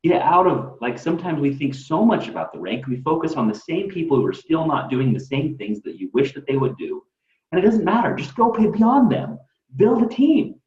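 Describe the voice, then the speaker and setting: A man's voice: fairly high pitch, very animated, brisk, a little mellow. A man who is a podcast guest, talking earnestly, repeating himself and building to emphatic peaks. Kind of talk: casual chat. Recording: roomy, distant and dull.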